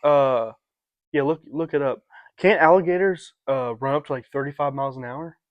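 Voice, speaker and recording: A young man co-hosting a podcast in relaxed casual chat, swearing and saying dude and like a lot. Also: medium pitch, moderate pace, dry recording, narrow, tinny audio. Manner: laid-back, profane, says dude and like a lot. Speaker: podcast co-host.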